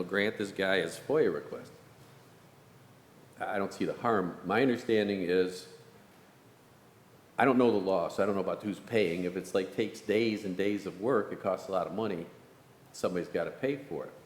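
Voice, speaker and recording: Deep-voiced man on a council dais. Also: moderate pace. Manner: hesitant, wry, thinking aloud. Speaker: council member. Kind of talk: council meeting deliberation. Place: council meeting chamber. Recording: echoey chamber with faint hiss.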